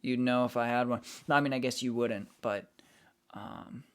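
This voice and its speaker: A man's voice: mid-range voice, steady tone, moderate pace, smooth. A man streaming, chatting casually with his viewers and greeting them as he reads the chat. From United States.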